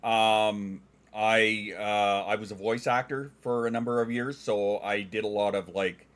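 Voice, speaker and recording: Middle-aged Western Canadian man, deep-ish. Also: fairly even intonation, a little slow, a bit bright. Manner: clear enunciating, trained voice; joking, dad jokes. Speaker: streamer. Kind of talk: casual chat reading viewer comments.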